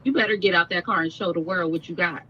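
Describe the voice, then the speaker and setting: A woman's voice: on the low side, fast, crowd noise. A woman in her thirties calling in, flirty and self-assured in casual talk. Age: 30s. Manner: flirty and confident. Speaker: caller. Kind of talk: casual phone call. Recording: muffled phone line.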